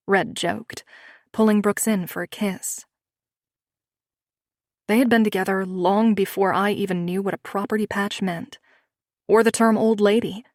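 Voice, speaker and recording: A woman reads a first-person romance audiobook with a measured, expressive delivery. Her voice sits at a middle pitch. The recording is dry and close, with no room sound. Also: dry recording. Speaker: audiobook narrator. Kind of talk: scripted first-person narration.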